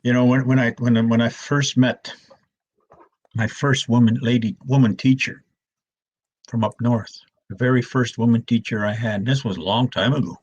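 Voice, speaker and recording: Soft-spoken older male elder, husky. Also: mid-range voice, steady tone, lo-fi sound. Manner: soft, slow and repetitive, with many restarts. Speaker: elder storyteller. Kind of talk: gentle storytelling talk.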